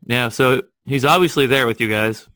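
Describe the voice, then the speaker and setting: A woman's voice: a bass voice, moderate pace, a bit bright, dry recording. A woman hosting a podcast, reacting with short exclamations and asking follow-up questions in casual chat. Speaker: podcast host.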